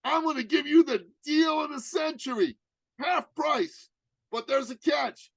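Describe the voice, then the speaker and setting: A man's voice: quick pace, gravelly, no echo, low-quality recording. A man voicing his younger, broke self as a giddy, squealing young man. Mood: pushy. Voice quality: shrill, squealing, gleeful.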